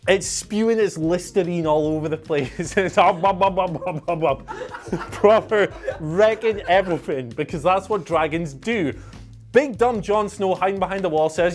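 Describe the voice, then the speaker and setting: A man's voice: high voice, moderate pace. Male panelist, sarcastic banter, light music bed. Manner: mocking, jokey banter with laughs. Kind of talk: casual chat.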